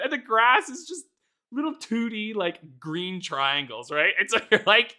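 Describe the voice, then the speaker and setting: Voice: mid-range voice, big pitch swings, normal speed, sharp tone. A podcast co-host in casual chat, ranting animatedly and swearing a lot, often laughing.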